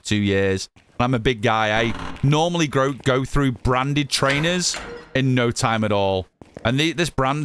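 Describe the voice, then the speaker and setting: A man's voice: medium pitch, fairly bright tone, slight background noise. An English man from the Northwest, chatting casually while streaming a game and answering his chat, often repeating himself. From Northwest England, Cheshire. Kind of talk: casual live gameplay chat.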